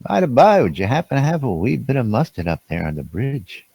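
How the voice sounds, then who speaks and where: A man's voice: mid-range voice, big pitch swings, fairly quick, gravelly, mellow, breathy edge, no room sound, voice pushed up, full character voice. A man voicing a chipper male starship engineer in an exaggerated mock Scottish accent, in a jokey sing-song manner.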